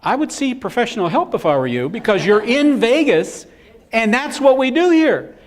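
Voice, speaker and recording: A calm, firm male casino security guard, as a storyteller puts him on. He speaks flatly and plainly to an upset gambler. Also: extremely high pitch, normal speed.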